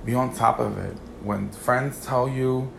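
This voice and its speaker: Sassy gravelly man telling a story. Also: mid-range voice, measured pace, noisy background. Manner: sassy, animated slang-heavy gossip. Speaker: podcast host. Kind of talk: casual storytelling monologue.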